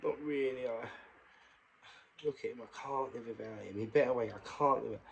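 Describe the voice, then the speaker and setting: A man's voice: mid-range voice, normal speed, creaky, dull audio, a little hiss or hum, lightly acted. A man voicing a distraught elderly wife at a hospital bedside, pleading in breathless repetitions.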